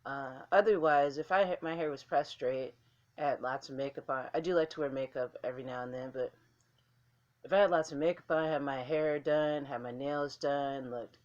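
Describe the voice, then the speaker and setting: A woman's voice: sits low, moderate pace, muffled recording. A woman vlogger talking casually to camera in a blunt, candid way, swearing freely.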